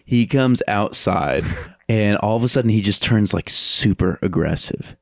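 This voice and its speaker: A man telling a story in casual podcast chat, animated, laughing often and acting out what people said. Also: lowish voice, a little slow, gravelly, no echo, studio quality. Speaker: podcast guest.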